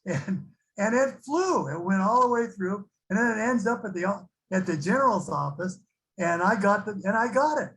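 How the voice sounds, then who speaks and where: A man's voice: high voice, animated, normal speed, a bit bright, poor audio. An older man sharing his recovery story with a support group, rambling and laughing as he acts out the people in it. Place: online recovery meeting.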